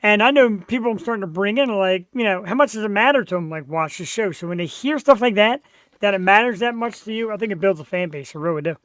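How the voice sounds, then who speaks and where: A man with a Philadelphia-area accent hosts a relaxed talk show, his voice sitting high. He tells stories with plenty of laughs and acts out what people said. The sound is close and dry. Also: fast talker, dry recording. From Montgomery County, Pennsylvania. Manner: laughs often, acts out quotes. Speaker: show host. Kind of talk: casual chat.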